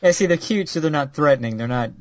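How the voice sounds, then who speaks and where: A man's voice: on the high side, animated, fast, no room sound. Crude, sarcastic male podcast host. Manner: crude, sarcastic, rambling with restarts. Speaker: podcast host reviewing new anime. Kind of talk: casual podcast chat. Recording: dull lo-fi dry recording.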